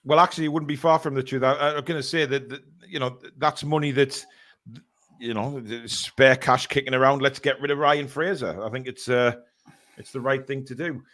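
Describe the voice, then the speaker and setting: A man's voice: medium pitch, steady tone, normal speed, a bit bright. A man hosting a casual live stream, reading out donations and chatting with plenty of fillers. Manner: reads out donations with filler-heavy banter. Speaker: stream host.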